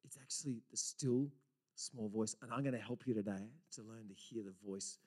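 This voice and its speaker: A man preaching a sermon, earnest and excitable, swinging from loud exclamations to hushed whispers and often repeating words. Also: fairly low pitch, moderate pace. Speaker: pastor.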